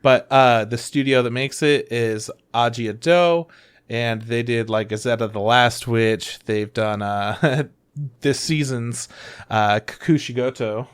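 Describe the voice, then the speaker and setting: Brief: male podcast co-host, casual and animated, swears freely, peppers speech with fillers, mid-range voice. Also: mid-range voice, slow pace, clean tone. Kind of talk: casual chat about anime.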